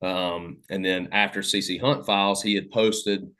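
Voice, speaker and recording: Low-voiced Southern podcaster, rambling. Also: male voice, fairly even intonation, measured pace, a bit bright. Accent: Southern American. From Southern United States. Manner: rambling, many fillers and restarts. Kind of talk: casual storytelling conversation.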